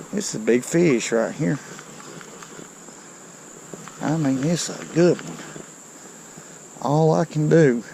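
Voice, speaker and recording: Excitable man fishing a creek. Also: mid-range voice, creaky, slight background noise, rough recording. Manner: excitable, folksy, talks to viewers as he fishes. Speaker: fishing vlogger. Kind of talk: excited outdoor fishing commentary. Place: outdoors by a creek.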